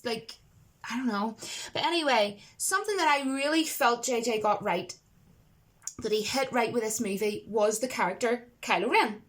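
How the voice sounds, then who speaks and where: A woman with a fairly high-pitched voice delivers a casual film review straight to camera. She rambles and restarts, packs in fillers and leans hard on her opinions. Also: fairly bright tone. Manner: rambling, chatty, emphatic, lots of fillers.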